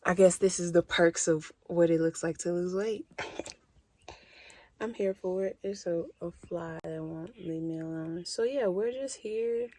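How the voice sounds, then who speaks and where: A woman's voice: on the low side, unhurried, warm tone, no echo. A woman chatting casually in a vlog from inside her parked van, playful and self-mocking as she rambles. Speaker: vlogger.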